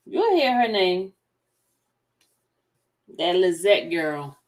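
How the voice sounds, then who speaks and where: A woman's voice: medium pitch, sing-song, moderate pace. A woman hosting a casual livestream, chatting directly with her viewers. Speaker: livestream host.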